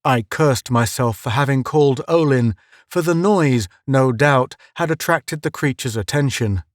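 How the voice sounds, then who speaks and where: A man reading a suspense tale aloud in a measured, dramatic storytelling voice of middling pitch. The sound is close and dry, with no room echo. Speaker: audiobook narrator. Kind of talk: scripted first-person narration.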